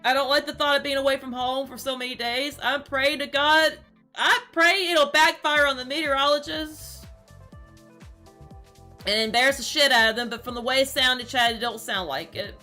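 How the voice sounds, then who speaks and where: A woman's voice: high voice, steady tone, normal speed, sharp tone, soft background music. A woman, a streamer talking casually to her chat, rambling and repeating words, upset and close to tears. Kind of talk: casual talk to camera.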